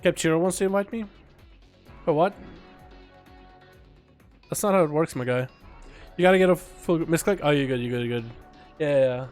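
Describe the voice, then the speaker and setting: A young man hosting a casual gaming livestream, sick, talking in an excitable, rambling way and laughing often. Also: a little high, moderate pace, long pauses, faint music behind. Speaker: livestream host. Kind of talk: casual gaming stream chat.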